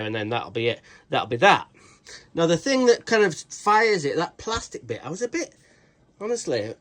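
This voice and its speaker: A man's voice: fairly high pitch, fairly bright tone, a little hiss or hum. A British man reviewing a tool in a casual vlog, rambling and swearing freely with cheeky jokey asides. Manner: rambling, swears a lot, restarts sentences.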